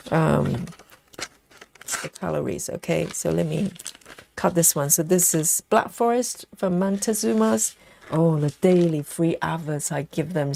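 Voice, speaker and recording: A woman's voice: lowish voice, creaky, darkish tone, slight background noise. A woman hosting a live stream in casual, chatty talk, reading out and answering viewer comments with frequent laughs.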